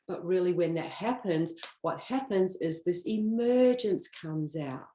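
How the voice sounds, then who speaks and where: Woman host, lowish voice, chatty and playful, live-stream card reading, roomy echo. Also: normal speed, few pauses, dark tone, a little hiss or hum. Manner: chatty, playful, riffs and laughs, acts out quoted self-talk. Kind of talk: casual live-stream talk. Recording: echoey room.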